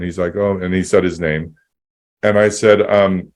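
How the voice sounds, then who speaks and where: A man's voice: deep voice, quick pace, darkish tone. A man hosting a podcast, chatting casually and telling a rambling story with many restarts, acting out both sides of a conversation. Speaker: podcast host.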